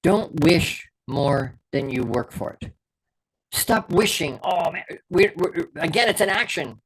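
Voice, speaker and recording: A man's voice: high voice, animated, slow, fairly bright tone, rough recording. A middle-aged man hosts his own show and delivers an unscripted motivational talk. He speaks with fervent conviction and leans on repeated words and short punchy phrases. A faint hiss of noise sits under his voice. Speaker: podcast host and performance coach.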